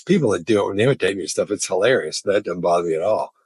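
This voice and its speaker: Man, husky, low-ish voice, dry close sound, casual storyteller. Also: expressive, rapid-fire, darkish tone, no room sound. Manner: chatty, laughs while telling stories. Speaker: body language expert.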